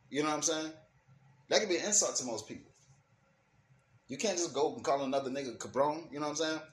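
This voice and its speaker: A man's voice: medium pitch, fairly bright tone. A man speaking in African American Vernacular English, ranting casually and emphatically with profanity, restarting and repeating words as he thinks. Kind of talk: casual opinion rant to camera. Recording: echoey room with faint ambient noise.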